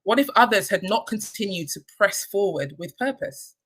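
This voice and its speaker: A woman, a charity leader, giving a candid, reflective personal talk with frequent pauses and ums. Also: mid-range voice, lively intonation, a bit bright, low-quality recording. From United Kingdom. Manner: candid and reflective, many ums, emotional at times. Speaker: charity chief executive.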